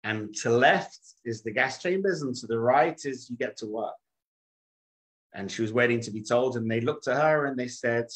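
A man's voice: mid-range voice, moderate pace, fairly bright tone, rough recording. A middle-aged man, a rabbi, telling a story in a talk with dramatic shifts of voice.

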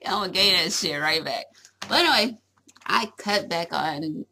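A woman's voice: on the low side, unhurried, vocal fry, pushed and bright, slight background noise. A young woman chatting casually to camera at home. She is giggly and rambling and fills her talk with little asides. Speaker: vlogger.

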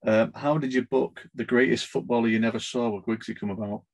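A man's voice: mid-range voice, steady tone, brisk, gravelly. A man hosting a casual interview on a video call, talking hesitantly with many repeated words and laughing at himself. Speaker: interviewer, collectors group host.

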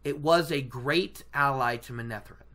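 A podcast host voicing a mysterious noblewoman sorceress with a slow, low, ominous delivery. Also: a bit bright, natural voice.

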